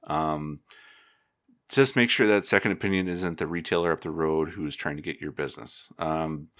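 A man, an agronomist, giving casual advice in a relaxed, rambling way, with many fillers and restarts. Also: very deep voice, normal speed, no room sound, studio quality.

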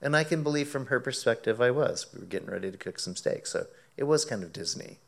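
A man preaching, telling a lively anecdote as a sermon illustration and acting out his own quoted words, often laughing. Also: mid-range voice, quick pace, gravelly. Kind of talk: sermon illustration told as a story.

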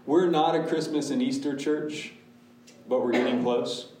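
A man's voice: mid-range voice, steady tone, unhurried, darkish tone, far from the mic, a little hiss or hum. Pastor in an echoey room, a man. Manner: candid, talks in restarts and asides. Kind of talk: casual Q&A with a church class.

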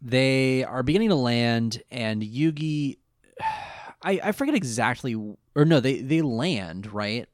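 A man's voice: medium pitch, lively intonation, slow pace, no room sound, studio quality. A man co-hosting a casual recap chat who talks animatedly, laughs often and acts out the characters. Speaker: podcast co-host.

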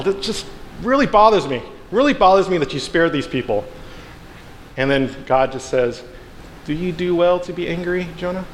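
Casual preacher in a reverberant hall. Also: male voice, on the high side, normal speed, long pauses. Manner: animated storytelling, acts out characters with playful asides. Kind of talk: casual sermon. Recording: long hall reverb, faint background noise.

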